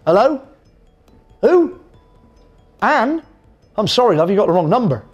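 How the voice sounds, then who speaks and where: A man imitating a quiet, polite man who apologises through pain. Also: on the high side, lively intonation, unhurried, husky, soft background music. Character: mild-mannered British man, polite and pained.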